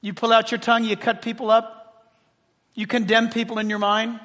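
A man preaching a sermon, dramatic, swinging from loud declarations to hushed, near-whispered lines. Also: extremely high pitch, monotone, normal speed. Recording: long reverb of a large hall.

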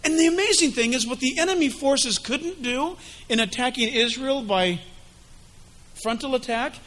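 A man preaching an animated, emphatic sermon with dramatic delivery. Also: very high-pitched, moderate pace.

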